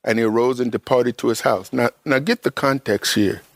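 A man preaching a sermon to his congregation, emphatic and conversational, with everyday vernacular, often jumping up high in pitch to stress a point. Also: a little fast, vocal fry, no room sound.

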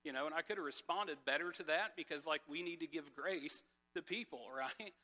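Pastor, man, slightly high bright voice, chatty sermon with a personal story, loose and conversational. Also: brisk. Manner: conversational, many fillers and restarts.

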